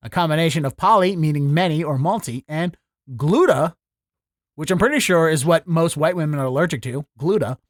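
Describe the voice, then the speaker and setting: A man's voice: a little high, a little fast, no echo, studio quality. A man hosting a casual comedy podcast, joking and riffing with his guest. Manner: joking, riffs into mock bits. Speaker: podcast host.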